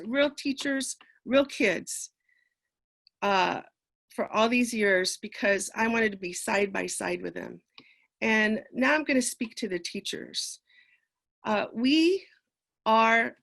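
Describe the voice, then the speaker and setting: An older woman, a retired educator, telling personal stories as a keynote speaker, earnest and pausing often on fillers. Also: mid-range voice, gravelly, a bit bright. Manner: earnest storytelling with frequent fillers. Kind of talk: personal conference talk.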